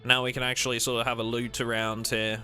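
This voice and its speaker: A man's voice: mid-range voice, little pitch movement, fast, sharp tone, soft background music. A man chatting casually and jokily with viewers while playing a game on a livestream. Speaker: streamer.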